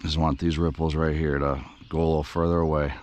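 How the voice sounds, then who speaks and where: A man with an extremely low voice vlogs outdoors beside a river while operating a radio-controlled boat, talking a little fast. He is breathless and shaky, saying he's trembling with excitement, and his exclamations repeatedly call out "you guys" to the audience.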